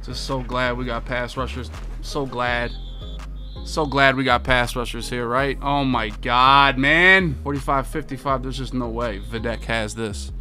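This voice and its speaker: A young man giving live commentary while playing a football video game, swearing often and swinging from low muttering to loud, exasperated outbursts. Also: steady tone, unhurried, over music. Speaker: gaming video creator.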